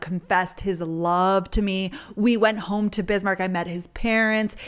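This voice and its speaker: A woman's voice: medium pitch, fairly bright tone. A young woman hosting a podcast, telling a personal story in a candid, chatty way and swearing freely. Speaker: podcast host. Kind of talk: casual storytelling.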